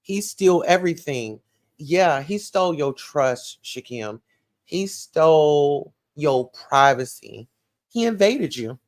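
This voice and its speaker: Sassy Southern woman, livestream gossip host reading comments, animated and chatty. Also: low-pitched, takes it slowly. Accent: Southern US, Atlanta. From Atlanta, USA. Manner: sassy, animated, calls listeners child and baby.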